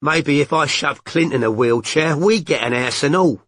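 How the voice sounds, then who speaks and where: Man doing a young mum, brash, foul-mouthed, blunt slang, raised pitch, dry close sound. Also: animated, moderate pace, fairly bright tone, dry recording. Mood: chatty. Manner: blunt, coarse, working-class slang.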